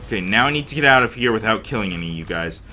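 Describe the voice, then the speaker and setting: A man giving casual commentary while playing a game, talking to himself and to the characters, sometimes slipping into a mock accent or a hushed murmur. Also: fairly low pitch, animated, very fast, faint music behind. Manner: talks to himself and the game characters, rambling and reactive; slips into a mock accent, drops to a hushed murmur when sneaking. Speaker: let's play gamer.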